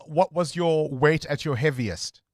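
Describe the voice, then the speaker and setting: A man's voice: fairly high pitch, a little slow, a little mellow, no room sound. Upbeat male radio host, dry studio. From South Africa. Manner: upbeat, chatty, takes callers. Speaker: radio talk show host. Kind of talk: breakfast radio phone-in.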